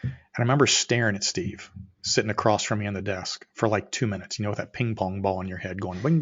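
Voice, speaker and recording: A middle-aged man with a lowish voice tells a story as a podcast guest, acting out each voice in it. He swings from quiet asides to excited, near-shouted lines. The audio is slightly muffled and lo-fi. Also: quick pace, breathy edge. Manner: animated storyteller, acts out dialogue, rising to near shouts.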